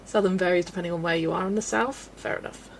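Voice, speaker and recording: A woman's voice: fairly low pitch, steady tone, fast talker, creaky, a little hiss or hum. A woman chatting casually at home while colouring on a livestream, answering chat and often breaking into giggles. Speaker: livestream host.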